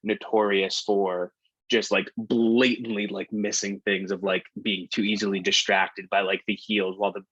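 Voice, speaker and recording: A man's voice: on the low side, flat delivery, moderate pace, fairly bright tone, breathy edge, dry recording, lo-fi sound. A man co-hosting a podcast, rambling in casual chat and saying "like" a lot. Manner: rambling, heavy use of "like". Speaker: podcast co-host.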